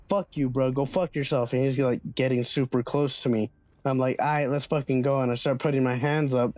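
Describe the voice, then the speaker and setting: A man's voice: mid-range voice, a little mellow, no room sound, highs cut off. A young man telling a storytime vlog in a casual, slangy way, swearing freely. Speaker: vlogger.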